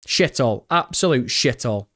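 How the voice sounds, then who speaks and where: A young British man live-streaming, chatting excitedly with his viewers and swearing freely. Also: medium pitch, moderate pace. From Britain. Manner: excitable, swears often, chats directly to viewers. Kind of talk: casual live-stream chat.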